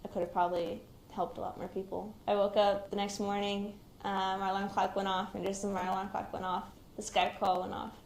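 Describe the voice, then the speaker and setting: A young woman speaks in a hesitant, reflective way, often pausing to gather her thoughts. Her voice sits at an ordinary middle pitch. The room around her is echoey, and a faint hiss of noise runs underneath. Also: flat delivery. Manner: hesitant, reflective, quiet-spoken. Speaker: shooting survivor, active military member. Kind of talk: recounting a personal experience in an interview. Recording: roomy recording with faint background noise.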